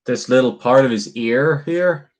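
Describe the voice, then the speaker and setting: A man's voice: mid-range voice, unhurried. A man chatting casually with live viewers while he carves, rambling, swearing freely, and laughing often. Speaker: livestreamer.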